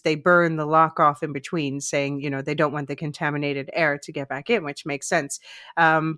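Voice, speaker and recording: A woman hosts a podcast in a fairly low, easy voice, walking through a TV episode's plot with frequent laughs. The sound is dry and close, with no room around it. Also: no room sound. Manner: chatty, laughs often, recaps plot at a steady clip. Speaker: podcast host. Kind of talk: casual podcast chat and episode recap.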